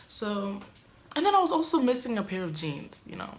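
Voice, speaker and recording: A young woman vlogger telling a casual story in a dorm room, animated, swinging from loud outbursts to muttered asides. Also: mid-range voice, fairly quick.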